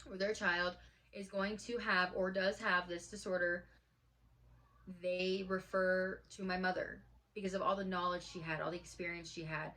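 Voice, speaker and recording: A woman in her late twenties tells a personal story in a casual vlog, earnest and heartfelt, with lots of fillers. Her voice is fairly low and sharp in tone, and the audio is poor.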